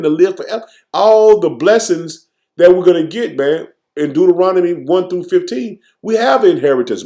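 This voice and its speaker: A man teaching scripture informally, tagging nearly every phrase with "man" and reading verses slowly with restarts. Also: on the high side, warm tone. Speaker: preacher.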